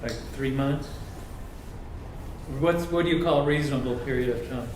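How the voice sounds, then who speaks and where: A man's voice: mid-range voice, normal speed, darkish tone. A man in the audience asking curious, probing questions. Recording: roomy, noisy room sound.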